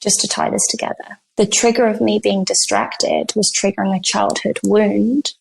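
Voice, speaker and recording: A woman guest on a podcast telling a personal story in an earnest, animated way, acting out the dialogue she recounts. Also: mid-range voice, normal speed, gravelly, slight background noise. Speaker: guest coach on healing. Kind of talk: conversational storytelling.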